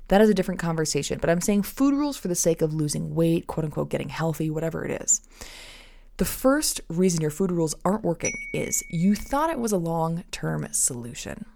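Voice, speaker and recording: A woman's voice: deep voice, animated, fast, gravelly, warm tone. A woman in her thirties hosting a nutrition podcast, talking to listeners as friends and acting out little inner voices in asides. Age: 30s. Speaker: podcast host. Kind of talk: faith-based nutrition podcast talk.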